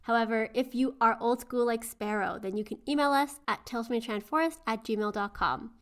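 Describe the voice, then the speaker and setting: A woman's voice: fairly high pitch, brisk. A woman co-hosting a folklore podcast in casual chat, chatty and laughing often, sometimes searching for words. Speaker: podcast co-host.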